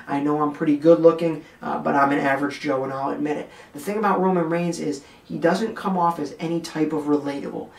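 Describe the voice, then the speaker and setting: A man's voice: on the high side, fast, echoey room, distant mic. A man hosting a wrestling podcast, giving blunt, joking commentary straight to his listeners. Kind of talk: opinionated commentary rant.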